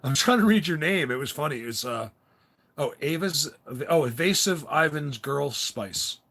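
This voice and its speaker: Husky rambling man chatting to viewers. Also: on the high side, lively intonation, moderate pace, a bit bright. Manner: rambling, laughs often, reads viewer comments. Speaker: livestream host. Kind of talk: casual livestream chat.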